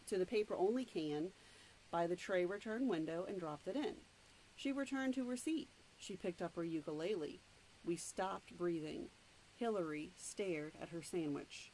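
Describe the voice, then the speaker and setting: A woman's voice: fairly low pitch, a little mellow, slight background noise, low-quality recording. A woman reading a novel aloud, stopping now and then to explain the story in her own words. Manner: plain, unhurried read-aloud narration with asides. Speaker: reader.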